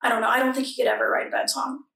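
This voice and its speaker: A woman's voice: a little high, flat delivery, rapid-fire, vocal fry, pushed and bright, far from the mic. A young adult woman, a church guest in a casual interview, talking chattily with many fillers and restarts. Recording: echoey room, a bit off mic.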